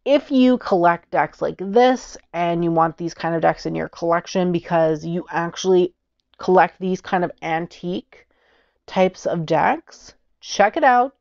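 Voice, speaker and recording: Canadian woman host, casual reviewer, chatty and exclamatory; lowish fry-heavy voice. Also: unhurried, darkish tone, dry recording, dull audio. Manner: chatty, exclamatory, stumbles over foreign names. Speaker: tarot channel host.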